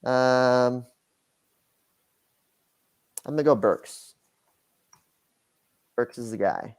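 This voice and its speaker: A man's voice: medium pitch, extremely slow, clear, resonant tone. A man co-hosting a casual livestream, giving sports picks in a loose, rambling way with many fillers. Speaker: co-host, sports betting analyst.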